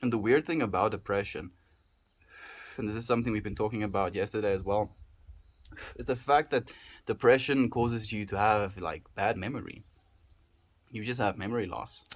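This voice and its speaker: A man's voice: lowish voice, normal speed, long pauses. Reflective man musing on a livestream. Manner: reflective, musing, reads chat aloud. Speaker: daily livestreamer. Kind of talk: casual livestream chat.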